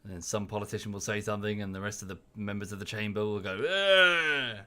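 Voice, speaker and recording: While streaming a game, a British man chats casually and rambles, using lots of fillers and rapid-fire, monotone delivery. When quoting people, he jumps into high, exaggerated voices.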